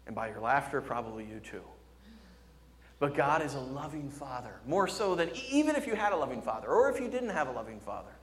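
A male pastor preaching a sermon with impassioned delivery, swinging between loud emphasis and hushed, tender tones. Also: mid-range voice, big pitch swings, fairly quick, long reverb tail.

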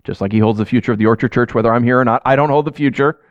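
A man in his thirties delivers a sermon in a loose, conversational way, often checking in with his listeners. His voice sits at a middle pitch, and the recording is dry and close. The sound is a little dull and muffled. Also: rapid-fire, no room sound. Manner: conversational, animated, frequent "right?" asides. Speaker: pastor.

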